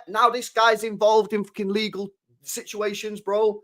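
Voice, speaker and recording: Young guy ranting about football transfers, fairly high voice, swears a lot, keeps repeating himself. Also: steady tone, normal speed. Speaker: football fan channel host. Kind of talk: casual chat reacting to transfer news.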